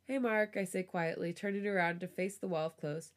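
A woman reading a romance story aloud on a podcast, with a relaxed storytelling voice. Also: lowish voice, a little fast. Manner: laughs often, giggly reactions. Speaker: podcast host reading fan fiction aloud.

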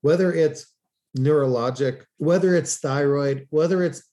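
A man's voice: on the high side, measured pace, dark tone. Enthusiastic man telling stories on a podcast. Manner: enthusiastic, quotes others in raised voices. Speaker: podcast guest. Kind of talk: animated storytelling in interview.

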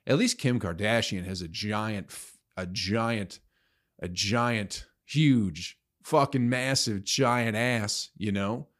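A young man hosting a solo podcast, ranting crudely and sarcastically with profanity and sudden loud outbursts. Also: fairly low pitch, slow. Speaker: podcast host.

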